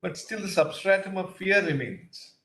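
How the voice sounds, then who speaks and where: A man's voice: high voice, moderate pace, sharp tone. A man with an Indian English accent questioning counsel from the bench as judge, probing and thinking aloud with fillers. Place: courtroom. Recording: roomy courtroom echo.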